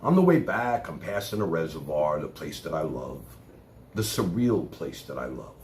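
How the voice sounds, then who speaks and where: A man from Brooklyn with a New York accent, livestreaming a rambling monologue from his chair, swinging from loud outbursts to low mutters and cursing freely. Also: big pitch swings, normal speed. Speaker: live streamer. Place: home room, seated in chair. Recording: roomy echo, faint background noise.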